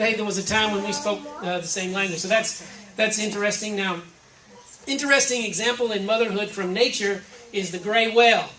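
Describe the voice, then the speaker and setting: Recorded from afar in a church hall, with roomy echo, faint ambience and crowd noise, a woman delivers a reflective, conversational sermon, listing examples in turn. She's the preacher, speaking a little fast at a medium pitch.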